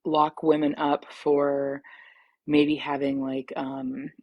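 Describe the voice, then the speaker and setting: A woman in her thirties with a very low voice speaks slowly and carefully as she calls in. Her delivery stays calm and thoughtful. The sound is dry and close, with no room around it. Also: vocal fry, no echo, dull audio. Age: 30s. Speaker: caller. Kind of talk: casual storytelling.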